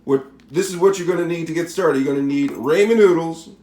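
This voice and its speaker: A man's voice: fairly high pitch, fairly quick, warm tone, echoey room. A man with a Spanish accent giving a casual step-by-step cooking demonstration, often checking in with "all right?" and "okay?". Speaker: cooking channel host.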